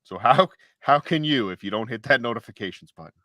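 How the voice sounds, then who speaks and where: A man's voice: mid-range voice, lively intonation, a little fast, sharp tone, no echo, studio quality. A man co-hosting a casual livestream chat, rambling and joking with mock-indignant asides. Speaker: co-host.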